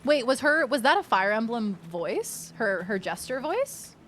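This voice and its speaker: A woman streaming a game, chatting casually and reacting with animated outbursts and swearing. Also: a little high, unhurried, a little hiss or hum. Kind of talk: casual gaming commentary.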